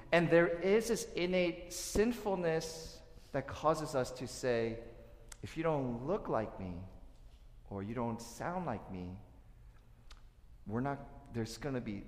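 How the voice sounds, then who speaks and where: A man preaching a sermon as pastor, telling stories and acting out quotes in a lively way. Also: fairly high pitch. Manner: storytelling, lively asides and acted-out quotes. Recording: echoey hall.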